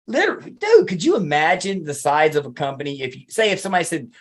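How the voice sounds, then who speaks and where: A man's voice: a little high, big pitch swings, quick pace. A man from Alabama with a Southern accent, co-hosting a podcast in casual chat, sarcastic and swearing constantly as he riffs in mocking rants. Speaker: podcast co-host.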